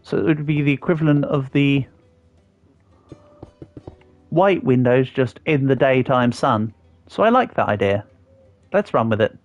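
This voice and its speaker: A man's voice: mid-range voice, lively intonation, a little slow, pauses often, highs cut off, soft background music. Chatty English man streaming. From England. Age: 30s. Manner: chatty, answers viewers' comments as he works. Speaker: livestreamer. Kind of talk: casual live-stream chat while building in a game.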